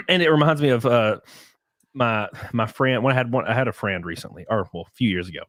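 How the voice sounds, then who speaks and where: A man's voice: medium pitch, lively intonation, a little fast, fairly bright tone, no room sound, clean studio sound. A young man in casual podcast chat, telling rambling stories, swearing and laughing often.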